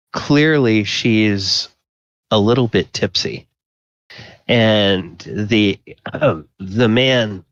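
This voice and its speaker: Slow, halting male game master. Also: on the low side, fairly bright tone, no echo, highs cut off. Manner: halting, full of fillers. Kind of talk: narrating a tabletop game.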